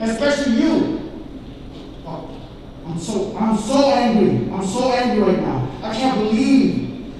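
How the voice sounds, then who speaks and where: A young man giving an angry, impassioned public comment to a county board, repeating himself and shouting at times. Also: very high-pitched. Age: young adult. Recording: echoey chamber from far off, crowd noise.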